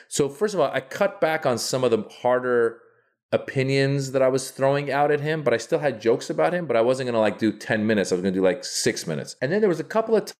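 A man telling a story as a guest comedian, animated, with frequent restarts and acted-out quotes. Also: medium pitch, fairly quick.

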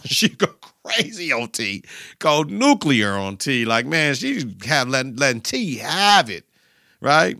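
Male podcast host, casual and animated, bright forceful voice, dry close sound, acts out characters as he recaps. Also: medium pitch, moderate pace, clean tone, no echo. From Milwaukee, Wisconsin. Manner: animated retelling, acting out characters' lines with laughs.

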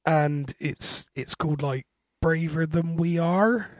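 A man with a husky voice, co-hosting a podcast in a hesitant, wry, rambling chat. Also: on the high side, slow pace, no echo, clean studio sound. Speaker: podcast co-host. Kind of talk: casual chat.

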